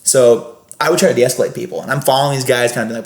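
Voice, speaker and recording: Fast-talking man telling stories. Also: mid-range voice, roomy sound. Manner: rambling, with frequent restarts. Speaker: guest, scare actor. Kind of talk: casual storytelling on a podcast.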